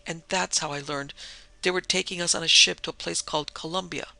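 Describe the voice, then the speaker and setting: A man voicing a frightened, sobbing young woman who talks in rough, plain speech, in a pulp adventure audiobook. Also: fairly high pitch, steady tone, a little fast, sharp tone, no room sound, heavily acted. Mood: breathless.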